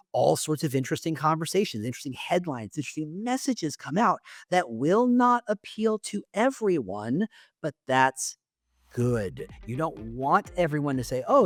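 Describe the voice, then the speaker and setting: A middle-aged man, a podcast guest, explaining with energetic, theatrical enthusiasm and lots of repetition. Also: fairly high pitch, dry recording, clean studio sound. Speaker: podcast guest, employer branding founder. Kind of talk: animated conversational explaining.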